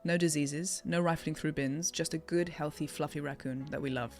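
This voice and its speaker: A woman's voice: deep voice, steady tone, moderate pace, a little mellow. An English woman from England chatting playfully with her live-stream chat while she plays, teasing viewers and laughing often. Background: game music.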